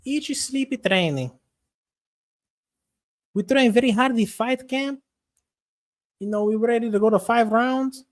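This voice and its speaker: A man's voice: unhurried, long pauses. A man doing a woman fighter. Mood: earnest. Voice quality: broken English, high and thin. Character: woman fighter with broken, Portuguese-accented English.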